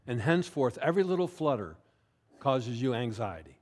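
A man preaching a sermon as pastor, talking in a conversational way, often checking in with listeners and slowing down to stress key words. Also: medium pitch, big pitch swings.

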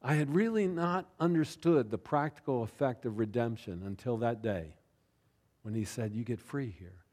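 A pastor telling a personal story in a sermon, chatty and self-deprecating, often tossing in "right?" and "you know.". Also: male voice, medium pitch, moderate pace, a little mellow. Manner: conversational, with frequent "right?" and "you know" asides.

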